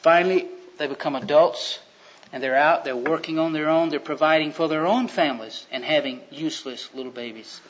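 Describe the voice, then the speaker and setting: A man's voice: a little high, brisk, a little hiss or hum. A man preaching a sermon in a folksy, joking way, acting out voices as he retells stories. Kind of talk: sermon with storytelling. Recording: dull lo-fi sound.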